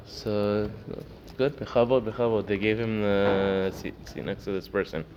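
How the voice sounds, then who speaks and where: In a casual Torah class, a man tells stories heavy with fillers, acting out each character. His lowish voice is a little mellow, with fairly even intonation and a normal speed. The recording is dull, lo-fi, and faintly noisy.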